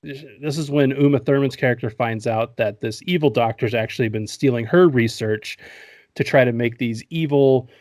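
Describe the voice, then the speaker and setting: A man talks through a movie's plot in a loose, joking podcast recap, swearing freely and breaking into laughter. His voice sits at an ordinary middle pitch. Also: normal speed, darkish tone, dry recording. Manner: joking, profane, laughs often. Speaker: podcast host.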